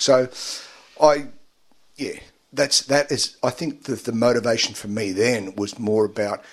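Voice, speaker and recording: Speaking in a lowish voice with a breathy edge, a man appears as a guest in a radio studio interview. His story comes out haltingly and full of fillers, and at moments he gets emotional.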